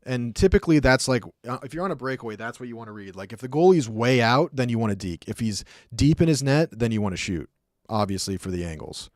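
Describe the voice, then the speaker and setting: A man's voice: mid-range voice, animated, fast talker, no room sound, studio quality. A young man streaming, casually talking through hockey clips in a chatty, rambling way with lots of fillers. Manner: chatty, rambling, acts out sounds, many fillers. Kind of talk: casual commentary.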